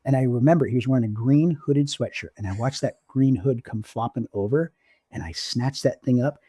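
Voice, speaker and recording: A man co-hosting a casual podcast, telling long stories with animated swings in pitch. His voice sits at an ordinary middle pitch. The sound is close and dry. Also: breathy edge, no echo. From Oregon. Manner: animated storyteller, pitch jumps when excited. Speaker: podcast co-host. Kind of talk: casual storytelling chat.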